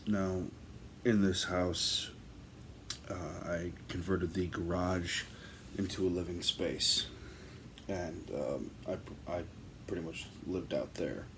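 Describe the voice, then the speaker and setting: Man, deep voice, slow delivery; casual first-person ghost storyteller, loose and rambling. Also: fairly even intonation, noisy background. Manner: rambling, filler-heavy, conversational.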